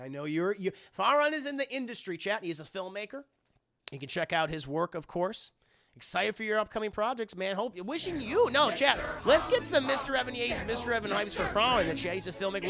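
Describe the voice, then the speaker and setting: Animated gravelly man chatting with viewers. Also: sits high. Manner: animated, swears freely, quick asides to chat. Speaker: livestream host. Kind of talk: casual chat with viewers.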